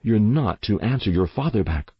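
A man reading a storybook voices a scolding middle-aged mother in a sharp, nagging tone, pitched well above his own voice. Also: animated, normal speed, breathy edge, dry recording, dull audio.

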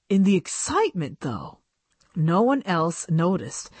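Woman reader for a radio reading service; expressive storybook delivery with a lively, varied tone. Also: on the low side, drawn-out words, pauses often, breathy edge, dry recording. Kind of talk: reading a children's book aloud.

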